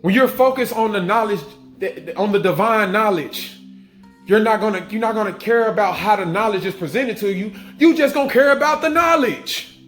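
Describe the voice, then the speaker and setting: A man's voice: high voice, expressive, moderate pace, fairly bright tone. A man giving an emphatic, repetitive spiritual monologue to his viewers, restating each point and swearing casually. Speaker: spiritual vlogger. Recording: echoey room with faint music.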